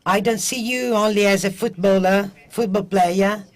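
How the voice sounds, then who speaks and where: A woman's voice: mid-range voice, steady tone, moderate pace. Earnest young woman. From Democratic Republic of the Congo. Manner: hesitant, earnest, searching for words. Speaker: audience member asking a question.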